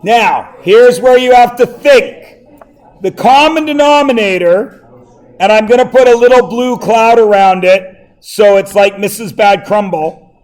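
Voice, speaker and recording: A male math teacher lectures his class in a high, light voice. He jokes and teases the students between explanations, and his talk is loose and conversational. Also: measured pace, a little mellow.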